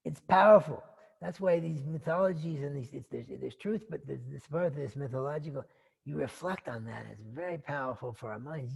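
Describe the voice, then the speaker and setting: Gravelly, husky dharma teacher telling a story. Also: male voice, on the high side, moderate pace. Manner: rambling and conversational, with fillers and asides. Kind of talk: casual storytelling dharma talk.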